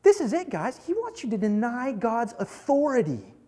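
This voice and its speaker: A young man preaching a casual, joking sermon to a live group, talking animated and conversational. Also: very high-pitched, moderate pace.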